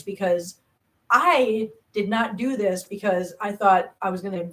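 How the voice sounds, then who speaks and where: This woman, a channel host in her 40s, has a mid-range voice heard through a low-quality recording. She reads comments aloud during a casual livestream, talking in rapid, animated bursts that ramble and turn self-deprecating.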